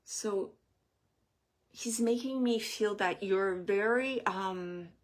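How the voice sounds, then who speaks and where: A woman reading oracle cards as a medium, speaking gently and reassuringly, thinking aloud with many fillers and pauses. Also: mid-range voice. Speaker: oracle card reader and medium. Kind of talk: intuitive card reading for a viewer.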